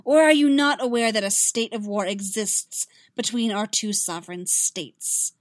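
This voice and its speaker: A woman voicing a young queen who speaks coldly and forcefully. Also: mid-range voice, unhurried, dry recording, clean studio sound, natural voice. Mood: defiant. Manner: cold, forceful. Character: cold defiant young queen.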